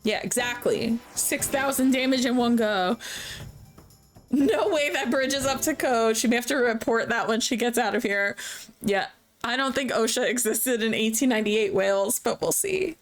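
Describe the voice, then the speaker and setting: Over faint game music, a woman speaks at a moderate pace in a fairly high pitch. She chats casually while streaming a game, laughing a lot and cursing without restraint in let's-play style.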